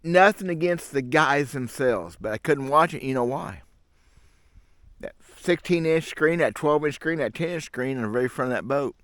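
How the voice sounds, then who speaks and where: A man's voice: fairly high pitch, animated, normal speed, fairly bright tone, dry recording. A middle-aged man, rambling frankly and grumbling to camera outdoors in the woods. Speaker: fishing channel host. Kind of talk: casual rambling monologue to camera. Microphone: camera mic.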